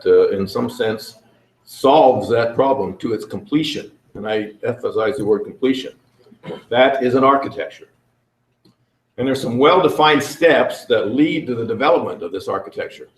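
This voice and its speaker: A man presenting at a conference, asking the audience questions and speaking haltingly with many fillers. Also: medium pitch. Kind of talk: interactive conference talk. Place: conference room. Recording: echoey room.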